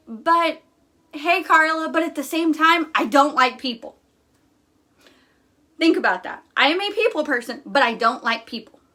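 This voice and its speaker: A woman's voice: high voice, sharp tone. A young woman hosting a casual live stream, talking bluntly and candidly with lots of fillers.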